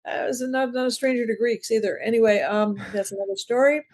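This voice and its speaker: A woman's voice: a little high, a little fast, a little mellow. A woman in her seventies from the Chicago area, a comedian chatting as an interview guest in a rambling, self-deprecating storytelling way. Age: 70s. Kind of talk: casual interview chat.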